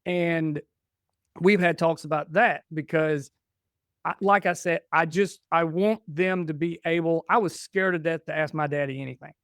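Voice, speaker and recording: A man's voice: fairly high pitch, fairly even intonation, moderate pace, fairly bright tone, clean tone, dry recording, clean studio sound. A man in his forties, a podcast guest, telling family stories casually and acting out what was said back and forth. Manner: chatty, restarts and quotes himself. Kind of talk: casual storytelling.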